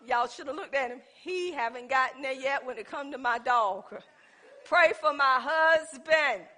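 High bright-voiced woman preaching a sermon. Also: a little fast. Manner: conversational, calls out to the congregation; shifts between loud exhortation and soft asides.

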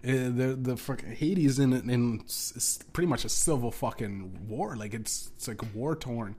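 A man's voice: medium pitch, normal speed, warm tone, husky. A young man hosting a solo podcast, ranting casually with lots of swearing, restarts and laughing asides. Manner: profane, rambling, laughing asides.

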